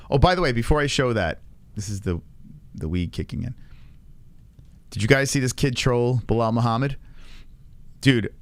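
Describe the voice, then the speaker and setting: A man's voice: medium pitch, no echo. A man hosting a casual reaction stream, swearing freely and laughing often. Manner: profane, laughs often, animated. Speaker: streamer host.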